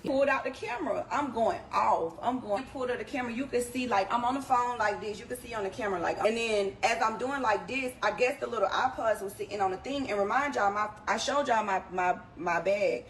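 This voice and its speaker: Animated woman telling a story casually. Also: a little high, a little fast, hardly any pauses, poor audio. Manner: animated, slangy, talks straight to the audience. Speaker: reality show personality telling a story. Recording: background noise under the voice.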